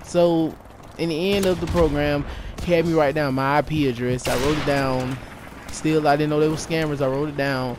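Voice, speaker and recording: A man telling a story to his viewers in a casual vlog, animated and rambling, repeating himself and tossing in "yo". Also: on the high side, moderate pace. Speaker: YouTuber. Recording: noisy with game gunfire behind.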